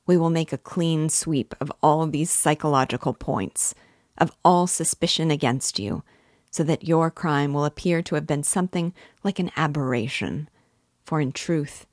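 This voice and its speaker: An earnest middle-aged investigator pleads with slow, patient insistence, read by a woman in her own low, unhurried voice. The sound is dry and close, with no room around it. The manner is fatherly and pressing. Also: no room sound.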